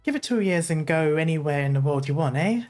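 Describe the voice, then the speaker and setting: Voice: medium pitch, lively intonation, fairly quick, darkish tone, soft background music, close to an everyday voice. A streamer putting on a teasing senior officer.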